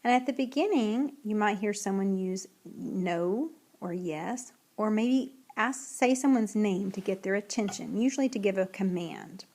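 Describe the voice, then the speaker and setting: A woman teacher giving a recorded writing lesson, reading example sentences slowly and clearly. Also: mid-range voice, a little mellow.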